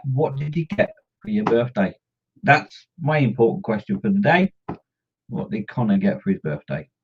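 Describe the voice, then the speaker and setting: This is a middle-aged man's model-painting live stream, full of jokey, teasing banter as he reads out what viewers write. His mid-range voice is creaky and slightly rough. Audio quality is dull and lo-fi.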